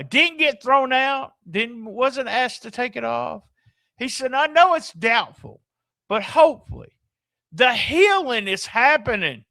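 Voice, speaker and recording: A man's voice: sits high, pushed and bright, no room sound. A middle-aged man with a Southern US accent hosting a podcast, ranting in exasperated, incredulous disbelief and swearing freely. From American South. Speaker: podcast host. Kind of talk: casual ranting commentary.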